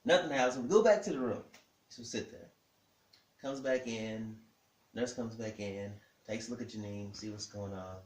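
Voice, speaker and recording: A man telling a personal story in a lively way, acting out what each person said. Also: lowish voice, moderate pace, far from the mic. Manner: animated, acts out the dialogue of everyone in the story. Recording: echoey room.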